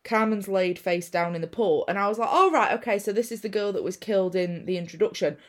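A young woman co-hosting a casual film-review chat, telling the plot in a sweary, animated way and acting out the characters' lines. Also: medium pitch, fast. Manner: sweary, animated storytelling with acted-out quotes. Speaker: podcast co-host.

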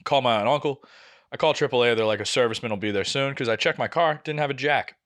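A young man, co-hosting a casual podcast and telling a frustrating story with animated, exasperated energy and plenty of swearing. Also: medium pitch, fast. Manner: animated, exasperated, swears freely, acts out quotes. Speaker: podcast co-host.

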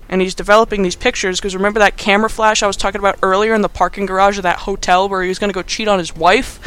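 Bright, sarcastic young man recapping a film. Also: high voice, clear, resonant tone. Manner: sarcastic, rambling, laughs while talking. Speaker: podcast host. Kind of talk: casual movie recap.

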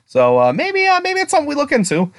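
Fast, animated, swearing man. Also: very high-pitched. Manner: animated, profane, rambling. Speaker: podcast co-host. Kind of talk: casual podcast chat.

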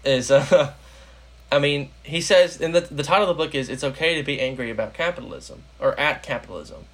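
A man's voice: fairly high pitch, brisk, fairly bright tone. A young American man hosting a casual political podcast, rambling with lots of fillers. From United States. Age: young adult. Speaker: podcast host.

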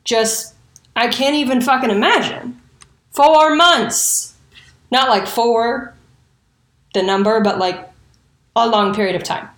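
A woman's voice: on the high side, steady tone, unhurried, pauses often, reverberant. A woman telling a history story in a casual, profane way, with indignant and sarcastic asides. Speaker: true crime storyteller.

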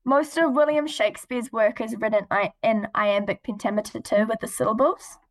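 A teenage girl with a fairly high voice talks about her writing as a podcast guest. She sounds polite and earnest and giggles now and then. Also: fairly even intonation, moderate pace. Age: teens. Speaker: guest, young poet. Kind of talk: casual interview chat.

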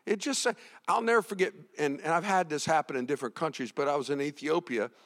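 A middle-aged man preaching a sermon as a pastor. He swings from hushed to loud, often repeating and restarting his words. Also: on the high side, quick pace, in a large hall.

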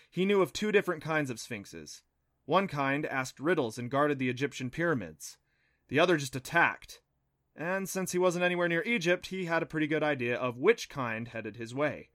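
A man reads a children's adventure story aloud with a steady, expressive delivery. His voice is bright and forward, at a middle pitch, recorded close and dry. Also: no room sound. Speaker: audiobook narrator. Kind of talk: storybook narration.

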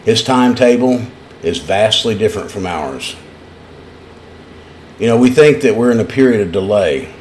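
A man with an East Tennessee accent preaches in a lowish voice, folksy and earnest as he tells his stories. A faint hiss sits under the recording. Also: expressive, moderate pace, pauses often, a little mellow. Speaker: pastor. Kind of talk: sermon.

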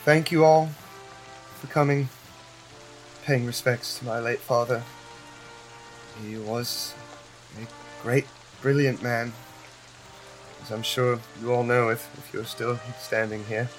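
A man's voice: mid-range voice, fairly even intonation, slow pace, pauses often, soft background music, lightly acted, low-quality recording. A man voicing a grieving young daughter. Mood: formal. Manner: polite, hesitant and weary. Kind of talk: tabletop game character voice.

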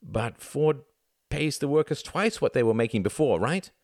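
A man's voice: mid-range voice, lively intonation, moderate pace, darkish tone, dry recording, clean studio sound, pitched above the performer's own voice. A man voicing a skeptical young male student who keeps questioning and pressing his point. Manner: questioning, insistent.

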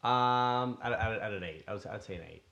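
A man's voice: lowish voice, quick pace, fairly bright tone, dull audio. A young man co-hosting a casual podcast, telling a story in a rambling, hesitant way. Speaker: podcast co-host.

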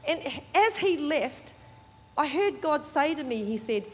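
A female pastor preaches in a bright, high voice at a measured pace, chatty and animated as she laughs and slips in joking asides. The long reverb of a large church hall rings around her voice.

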